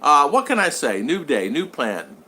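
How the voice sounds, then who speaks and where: Bright-voiced older man chatting. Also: on the high side, sing-song, normal speed, slight background noise. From United States. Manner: rambling anecdotal storyteller with frequent restarts. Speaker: vlogger reading live chat. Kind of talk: casual livestream chat.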